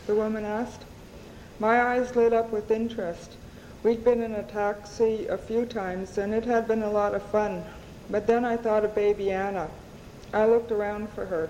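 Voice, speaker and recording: A woman author reading aloud from her novel to an audience, in an unhurried, measured way, recorded at an event. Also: medium pitch, steady tone, dark tone, a little hiss or hum. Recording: dull audio in a reverberant hall.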